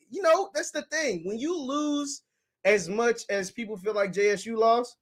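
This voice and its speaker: A man hosts a casual sports call-in show, trading lively talk with callers. His voice sits very high for a man. He sounds animated and quick to laugh along. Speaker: host.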